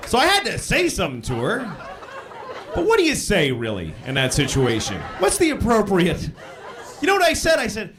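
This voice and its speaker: A man's voice: extremely high pitch, wildly swooping pitch, moderate pace. A man doing a stand-up comedy set, profane and self-deprecating, acting out little voices as he goes. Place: live comedy stage. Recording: live show with loud crowd laughter. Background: audience laughter.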